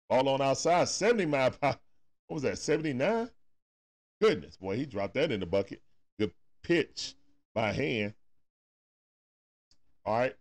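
A man with a Southern US accent gives casual play-by-play for a live watch-party stream. His pitch swings up and down with every pitch, and he coaches and groans at the players as though they can hear him. His speech is full of folksy Southern turns of phrase. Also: lively intonation, normal speed, long pauses.

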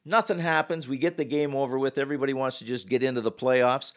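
Older man, podcast guest, animated anecdotal storyteller with punchy quoted lines. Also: mid-range voice, fast. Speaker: retired hockey referee, guest. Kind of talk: casual storytelling.

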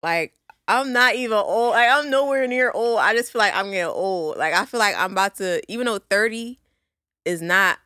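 A woman in her twenties talks loosely and casually as a podcast co-host, full of slangy asides. Her voice sits at an ordinary middle pitch. She is recorded dry and close, with no room sound. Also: moderate pace, bright, forceful tone, clear, resonant tone, no echo. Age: 20s. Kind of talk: casual chat.

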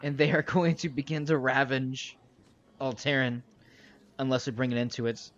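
A man voicing a very old human sorcerer who asks anxious, halting questions. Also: medium pitch, flat delivery, fairly bright tone, lo-fi sound, voice pushed up, lightly acted. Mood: urgent.

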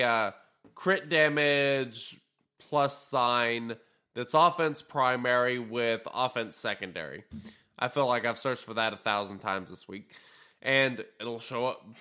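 A gaming podcast co-host chats in a relaxed, rambling way full of fillers, sounding tired and yawning now and then. His voice is medium-pitched and a little slow.

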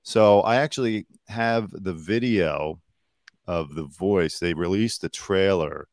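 Deep-voiced sarcastic man hosting a podcast. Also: takes it slowly, no echo, studio quality. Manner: joking, sarcastic, swears freely. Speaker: podcast host. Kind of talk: casual comedic chat. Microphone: desk mic with headphones.

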